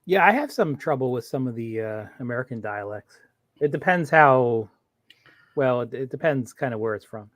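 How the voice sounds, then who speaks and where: A man with a mid-range voice chimes in on a live-stream chat. He speaks in an easygoing, measured way. The sound is dry and close. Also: medium pitch, animated, dry recording.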